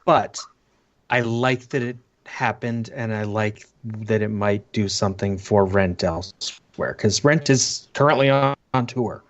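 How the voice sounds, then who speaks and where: A man guesting on a casual podcast, relaxed and laid-back in his replies. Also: fairly low pitch, a little slow, muffled recording. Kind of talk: casual chat.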